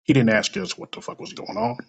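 A man's voice: medium pitch, expressive, a little fast, vocal fry, husky, lo-fi sound. A man telling a personal story aloud in a blunt, profane and emotional way.

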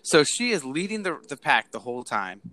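A man hosting a casual movie discussion, retelling scenes in a lively way. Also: on the high side, a little fast, dry recording.

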